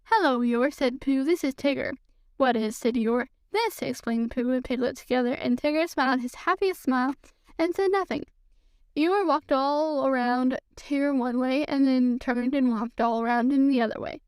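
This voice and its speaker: A woman reads a children's book aloud for a podcast in a gentle storytelling manner. Her voice is high and smooth. The recording is close and dry. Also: fairly even intonation, normal speed, no echo. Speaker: podcast reader.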